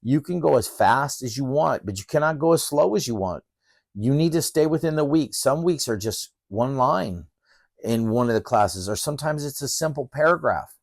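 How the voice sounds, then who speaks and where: A man's voice: medium pitch, expressive, normal speed, gravelly, dry recording, clean studio sound. A middle-aged man, a professor, introducing his course in a direct, emphatic, fired-up coaching manner.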